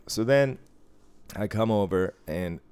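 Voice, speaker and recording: A man's voice: fairly low pitch, animated, takes it slowly, a little mellow, clean tone. A man chatting casually as a casino dealer, telling loose, profane work stories and chuckling often. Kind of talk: casual podcast chat.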